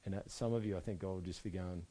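A man preaching a sermon, moving between soft, quiet stretches and loud, emphatic passages. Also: deep voice, steady tone, fast. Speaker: pastor.

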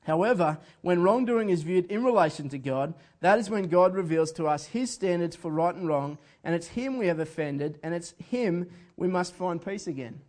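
A man's voice: sits high, lively intonation, moderate pace, hardly any pauses, a little mellow. A man preaching a sermon in an earnest, conversational way, often chuckling as he speaks. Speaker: pastor.

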